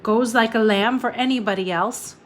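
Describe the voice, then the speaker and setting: A woman voicing an injured, chatty upper-class girl in a read-aloud novel, talking in a brisk, complaining way. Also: fairly high pitch, natural voice.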